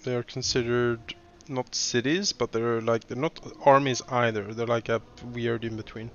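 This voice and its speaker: Casual gaming co-host, man, bright forceful tone, laughs a lot, on a dull mic. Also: mid-range voice, steady tone, a little hiss or hum. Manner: laughs often, halting restarts. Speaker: let's play co-host.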